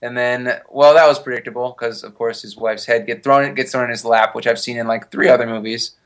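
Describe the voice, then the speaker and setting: A man's voice: mid-range voice, steady tone, fairly quick. Dry, mocking man recapping a movie. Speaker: podcast co-host. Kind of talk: casual chat recapping movie notes.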